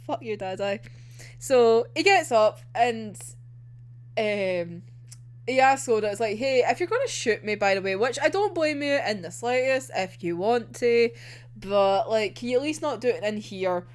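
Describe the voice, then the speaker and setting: Fan woman recapping a manga volume; bright and lively pitch, emotional, sweary, acts out the lines. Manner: emotional, swearing, laughing and groaning over the story; acts out characters' lines in quick quoted asides. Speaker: manga reviewer. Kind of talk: excited casual manga recap.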